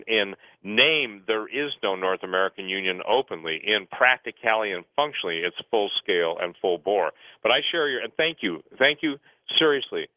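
A man's voice: fairly low pitch, dry recording. A man talking at length as a guest on talk radio, rambling and urgent, often restarting his sentences. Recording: phone-line radio sound, dry.

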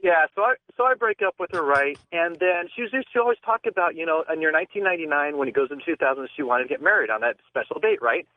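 A man tells a winding story over a thin, tinny phone line. His voice sits a bit high, and he stumbles through restarts and fillers as he goes. The sound is dry, with no room around it. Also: animated, no echo. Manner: rambling, halting with many restarts. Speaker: caller. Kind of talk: call-in radio storytelling.

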